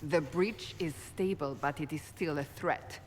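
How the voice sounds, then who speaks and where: A woman playing a firm, formal female holy warrior in a video game, speaking in a measured way. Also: low voice, big-room sound, slight background noise. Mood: resolute. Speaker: church seeker, warrior.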